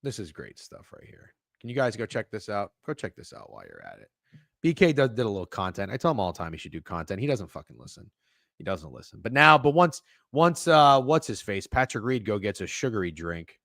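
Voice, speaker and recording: A man's voice: fairly low pitch, very animated, a little fast, vocal fry, fairly bright tone, dry recording, clean studio sound. A man hosting a live stream, chatting casually in a rambling, profane, jokey way and reacting to chat. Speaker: stream host.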